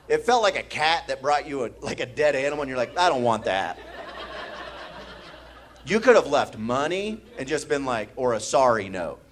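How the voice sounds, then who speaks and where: Before a laughing comedy club crowd, a man from the American Midwest rattles through his stand-up a little fast with hardly any pauses, his voice mid-range. He's animated, voicing the strangers in his stories and doing drunk ones as mumbling characters.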